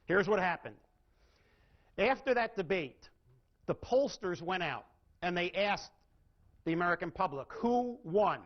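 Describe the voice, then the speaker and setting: His high-pitched, expressive voice moves a little slowly, with long pauses, through a live sales training lecture. The seminar speaker questions his audience and alters emphasis and pace, all in a dull lo-fi recording.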